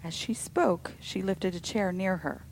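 A woman narrating a story with an expressive, dramatic delivery. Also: fairly low pitch, a little slow, slight background noise, poor audio. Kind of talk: storybook reading.

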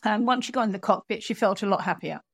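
A woman author telling an animated story in an interview, acting out the people she quotes. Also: mid-range voice, fast, husky, no echo. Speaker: author and guest.

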